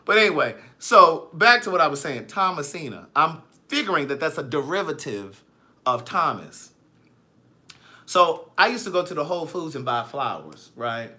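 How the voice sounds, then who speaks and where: A man chatting on a live stream, sassy and animated, reading viewer comments aloud and joking with them. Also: fairly high pitch, normal speed. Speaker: vlogger.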